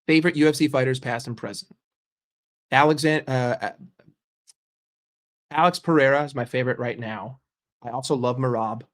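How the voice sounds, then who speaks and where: A man hosting, chatting casually and answering questions offhand, halting now and then with fillers. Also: mid-range voice, fairly even intonation. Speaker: host.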